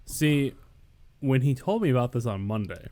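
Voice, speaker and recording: A man's voice: medium pitch, animated, dark tone, soft background music. A man co-hosting a podcast, rambling through a story with lots of swearing and quoted asides. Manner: rambling, profane, quick to quote himself. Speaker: podcast co-host. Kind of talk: casual storytelling chat.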